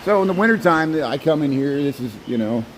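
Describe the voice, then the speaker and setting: A man's voice: a little high, lively intonation, a little fast, slight background noise, poor audio. A man narrating a casual walking tour inside a zoo birdhouse, chatting to the birds and often repeating and trailing off his words. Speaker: vlogger.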